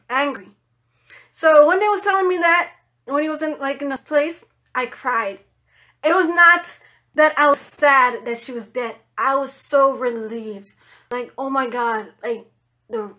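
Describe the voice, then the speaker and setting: A woman with a high voice tells a personal story straight to the camera. She talks in a loose, casual way, swears freely, and puts on other people's voices when she quotes them. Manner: animated, swearing, acts out quoted voices in higher pitch. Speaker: vlogger telling a personal story.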